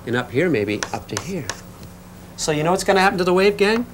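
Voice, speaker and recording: Animated man teaching a physics class. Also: sits high, a little fast, slight background noise. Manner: lively, conversational, checks in with students. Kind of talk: classroom lecture.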